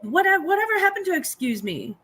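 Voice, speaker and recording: A woman's voice: very high voice, sing-song, brisk, a bit bright. An older woman from the United States, chatting casually as a guest and slipping into mocking voices. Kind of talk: casual chat.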